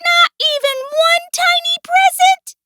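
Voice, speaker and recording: A woman doing a squeaky tiny storybook mouse. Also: steady tone, takes it slowly, background noise. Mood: squeaky pleading. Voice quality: high squeaky voice. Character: tiny timid male mouse, wistful.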